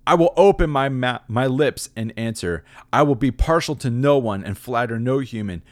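A man voicing an arrogant young male blowhard who declaims loudly and pompously. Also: mid-range voice, normal speed, dry recording, studio quality, pitched above the performer's own voice, close to an everyday voice.

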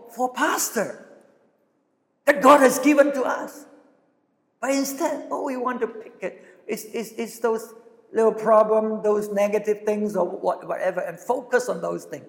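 A man preaching a bilingual sermon, earnest, repeating phrases and reading scripture slowly. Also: high-pitched, creaky, big-room sound.

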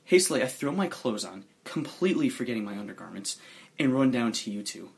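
Lively, husky-voiced male storyteller. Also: medium pitch. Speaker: podcast host and player. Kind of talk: casual improvised tabletop storytelling.

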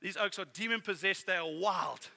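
High, bright-voiced man preaching animatedly. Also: normal speed, gravelly. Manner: animated, exclaiming. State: out of breath at times. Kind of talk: sermon. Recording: reverberant hall.

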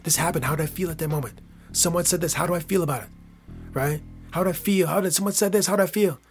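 A man from Michigan with a Michigan accent, hosting a podcast in a playful casual monologue, laughing often and dropping from loud hype to near whispers. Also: fairly high pitch, fast talker, faint music behind. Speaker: podcast host.

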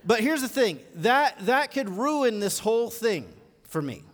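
A man preaching a live sermon in a church auditorium, with a high-pitched voice. He shifts between quiet, measured teaching and loud, climbing exhortation. His words carry a long reverb from the large hall. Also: big pitch swings. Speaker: pastor.

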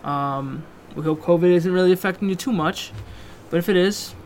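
A man's voice: high voice, moderate pace, slight background noise. A man co-hosting a podcast, chatting casually, teasing and swearing as he signs off. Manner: joking, crude, teasing. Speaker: podcast co-host.

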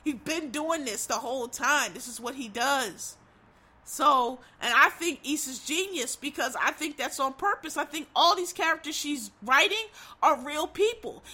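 Bright, high-voiced woman ranting bluntly. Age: middle-aged. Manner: blunt, profane, emphatic. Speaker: TV show commentator. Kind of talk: casual commentary rant.

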